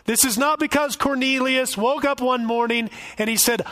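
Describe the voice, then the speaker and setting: A man's voice: very high voice, steady tone, moderate pace, bright, forceful tone. A male pastor giving an expository sermon with folksy asides and jokes.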